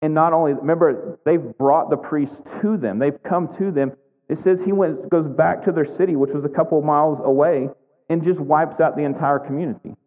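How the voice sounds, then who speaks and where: A man's voice: a little high, fairly quick. A man preaching a sermon, retelling a scripture story conversationally and checking in with "right?" as he goes. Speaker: pastor. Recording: echoey hall, thin phone-like sound.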